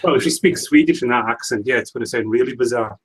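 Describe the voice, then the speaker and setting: A man's voice: medium pitch, quick pace, breathy edge. Rambling male livestream host. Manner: rambling, hesitant, many restarts. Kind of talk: casual chat. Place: home livestream setup.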